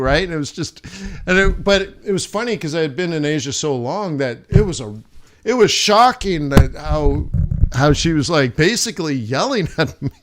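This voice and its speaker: A man's voice: on the high side, lively intonation, normal speed, fairly bright tone. A man hosting a live trading stream, chatting casually and rambling through a travel anecdote with plenty of restarts and laughs. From United States. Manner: chatty, many restarts, laughs while telling stories. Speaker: livestream host, forex trader. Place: home studio during live stream.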